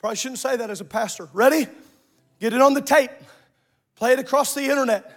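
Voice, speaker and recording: A man preaching a sermon as a pastor, calling out to the congregation and shouting at the peaks. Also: extremely high pitch, fast talker.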